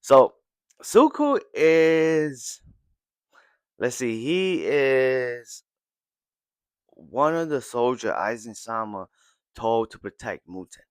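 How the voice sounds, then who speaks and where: A man's voice: medium pitch, very animated, very slow, pauses often, clean tone, no room sound. Man casually recapping an anime episode. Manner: retells scenes, briefly acting out characters' lines. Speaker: podcast host.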